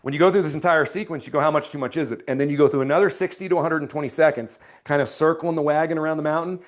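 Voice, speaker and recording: A man coaching a sales team, his voice sitting on the higher side for a man. He acts out his sales pitch in a slowed, low, serious tone. Between pitches he coaches with emphatic energy. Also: fairly even intonation. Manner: drops to a slow, low, serious tone for the close. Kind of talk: sales training with role-played pitches.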